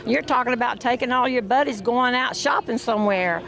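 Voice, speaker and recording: A woman's voice: on the high side, fairly quick, creaky. A woman answering questions in a street interview in an earnest, plain-spoken way. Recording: street interview with crowd noise.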